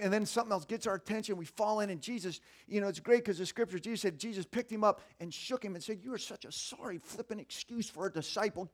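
A man preaching a sermon in a conversational, folksy way, swinging between hushed passages and loud, animated ones. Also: sits high. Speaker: pastor.

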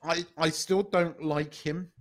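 A man's voice: a little high, steady tone, slow, crowd noise. A man co-hosting a podcast in casual, emphatic chat, swearing now and then. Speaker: podcast co-host.

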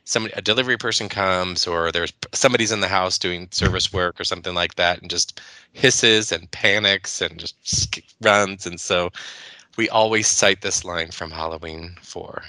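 Male co-host, deep but bright tone, dry close sound, chatty and halting. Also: no echo. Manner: laughs often, halting restarts. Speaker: podcast co-host. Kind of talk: casual chat about movies.

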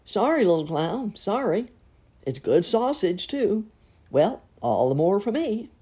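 A woman's voice: mid-range voice, very animated, a little slow, mellow, breathy edge, pitched above the performer's own voice. A woman voicing a jolly, greedy fat man who talks boisterously in a storybook reading.

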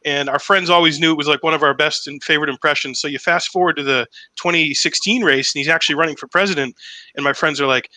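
A man's voice: fairly high pitch, steady tone, a little fast, sharp tone, no room sound, low-quality recording. A man in his thirties from Massachusetts with no regional accent, telling chatty, profane stories in a casual podcast conversation. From Massachusetts, USA. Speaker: impressionist guest.

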